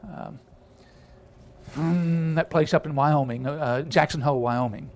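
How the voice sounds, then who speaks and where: A man's voice: fairly high pitch, measured pace, a little mellow. A man preaching a storytelling sermon, rambling with many filler sounds and restarts.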